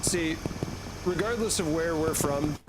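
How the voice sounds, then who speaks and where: A man's voice: on the high side, unhurried, heavy background noise. A young man streaming a game, rambling and joking with casual swearing. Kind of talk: casual gaming commentary.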